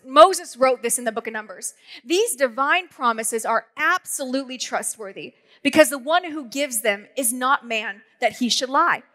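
A woman in her thirties preaches a lively sermon, jumping into stories with quick humorous asides. Her voice sits high and bright, and it rings out with the long reverb of a church hall. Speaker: pastor. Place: church auditorium.

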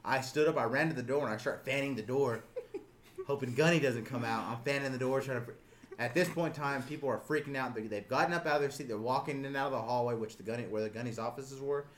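With slight background noise, a young man at medium pitch tells friends a story fast and casually. Animated and swearing, he acts out voices loudly as he laughs.

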